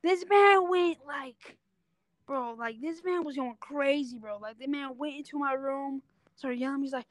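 Woman, high voice, rambling casual storyteller, dry phone-call sound. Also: unhurried, no echo. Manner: rambling storyteller, heavy on filler words. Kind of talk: casual chat. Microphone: phone on a call, no headset.

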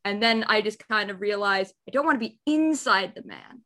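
A woman's voice: medium pitch, expressive, moderate pace, sharp tone. A young woman in casual podcast chat, rambling and chatty with laughing asides.

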